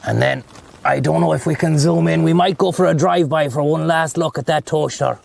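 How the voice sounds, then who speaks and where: Speaking a little high and briskly, with vocal fry and a slightly mellow quality, an Irish man talks while driving and livestreaming from his car. He wanders between thoughts in a loose, profane chat.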